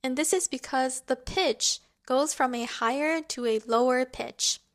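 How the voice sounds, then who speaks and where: Slow, careful woman teaching tones. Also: sits high. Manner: careful, deliberate modeling of example words. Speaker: language teacher. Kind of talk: slow, scripted tone lesson.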